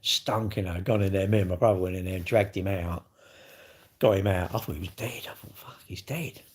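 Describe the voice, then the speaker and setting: A man's voice: sits low, fairly even intonation, a little fast. A middle-aged man livestreaming, telling blunt, sweary stories in casual chat to his viewers. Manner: blunt, swearing, chatty storyteller.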